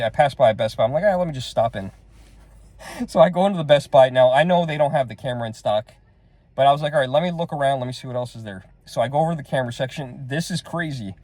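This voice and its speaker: A middle-aged man vlogs to camera, casually retelling a frustrating shopping trip in a rambling, exasperated way and quoting what everyone said. His voice is medium-pitched and darkish, with no room sound.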